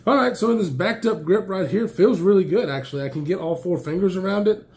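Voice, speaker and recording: A man's voice: high-pitched, fast, a little mellow. A man chatting casually while unboxing knives and flashlights, enthusiastic and rambling, a bit stuffy from allergies. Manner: enthusiastic, rambling, exclaims often. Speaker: knife and gear reviewer.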